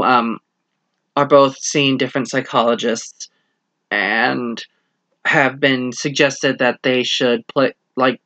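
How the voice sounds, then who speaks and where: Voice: mid-range voice, fairly bright tone, dry recording. Rambling, enthusiastic play reviewer, dry sound. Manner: enthusiastic, rambling, many "like" fillers; acts out quoted dialogue in shifting voices. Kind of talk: casual spoken review.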